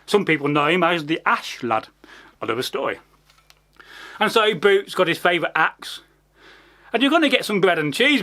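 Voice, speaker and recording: A man's voice: on the high side, pushed and bright. A man telling a folk tale casually, rambling with many asides and plenty of swearing. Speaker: storyteller. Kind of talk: casual storytelling.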